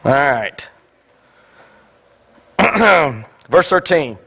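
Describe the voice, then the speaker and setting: A male pastor with a raspy, hoarse voice, mixing wry self-deprecating jokes with a scripture reading. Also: a little high, expressive, normal speed, a bit bright. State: hoarse, coughing. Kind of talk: sermon.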